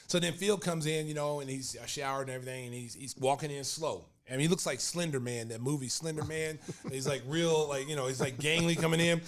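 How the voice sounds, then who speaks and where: Animated man telling a story. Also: on the high side, quick pace, few pauses. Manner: acts out other people's lines in the story. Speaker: podcast host.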